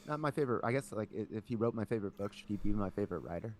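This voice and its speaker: A man co-hosting a podcast in casual chat, telling animated stories with lots of "like" and acting out his family. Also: fairly low pitch, racing, slight background noise. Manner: animated storyteller, lots of "like", acts out family members. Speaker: podcast co-host.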